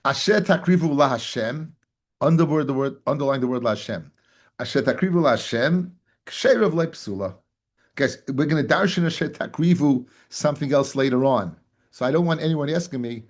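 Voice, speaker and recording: A man's voice: mid-range voice, expressive, brisk. A man, a rabbi teaching a daily Talmud class, who repeats phrases, fires rhetorical questions at his listeners, calls them "guys" and mixes Hebrew and Yiddish terms into his English.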